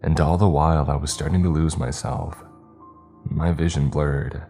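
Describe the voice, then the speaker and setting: A man reading a first-person horror story in a slow, measured, brooding way. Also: a bass voice, fairly even intonation, warm tone, soft background music.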